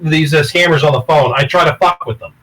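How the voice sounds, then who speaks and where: A man with a high, bright, forceful voice tells a story among friends. He is blunt and swears freely, and laughs between lines. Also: a little fast, rough recording. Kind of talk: casual chat.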